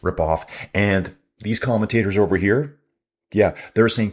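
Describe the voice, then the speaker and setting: A man's voice: lowish voice, measured pace. A man hosting a live cycling stream, giving chatty commentary and ranting about the race to his viewers.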